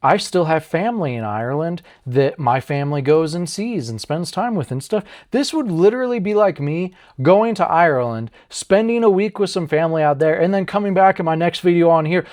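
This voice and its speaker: A man's voice: on the high side, lively intonation, fairly quick, few pauses, a little mellow. An American man hosting a casual MMA breakdown video, rambling and joking, swearing freely and laughing at himself. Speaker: MMA channel host. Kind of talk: casual fight breakdown vlog.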